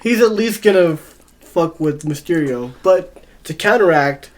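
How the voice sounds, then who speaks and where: A man's voice: on the high side, animated, measured pace. A man co-hosting a podcast in casual chat, laying out his predictions and hedging with "I think". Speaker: podcast co-host.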